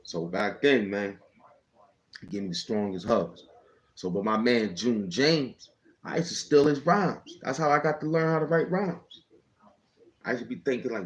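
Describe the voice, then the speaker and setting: A man's voice: medium pitch, normal speed, a little hiss or hum, poor audio. A man casually telling a personal story in rambling street slang, often checking in with "you know what I'm saying".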